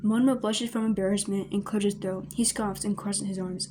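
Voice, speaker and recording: Mellow-voiced woman reading a story. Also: mid-range voice, fairly even intonation, fairly quick, hardly any pauses. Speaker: narrator. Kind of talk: reading a fan story aloud.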